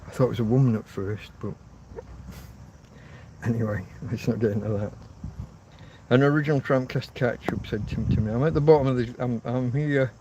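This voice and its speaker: A man's voice: medium pitch, fairly even intonation, fairly quick, recorded from a distance, highs cut off. Older English man, chatty, rambling, casual swearing, phone stream, heavy background noise. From England. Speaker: livestreaming vlogger. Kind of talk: casual live-stream chat. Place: outdoors under an umbrella with his dog.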